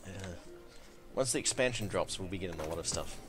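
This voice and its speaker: A man's voice: sits low, lively intonation, fast talker. A man streaming a shooter game with friends, chatting casually and joking around, swearing now and then. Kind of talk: casual gaming chat. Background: game music.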